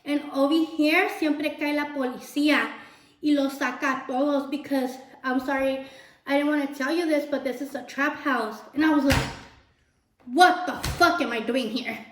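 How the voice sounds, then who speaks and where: A young woman with a high, bright voice spins a story as she cooks in her kitchen. She talks fast and loose, animated and chatty, with plenty of swearing. Her voice bounces around a roomy space with a noticeable echo. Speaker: vlogger. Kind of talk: casual storytime while cooking.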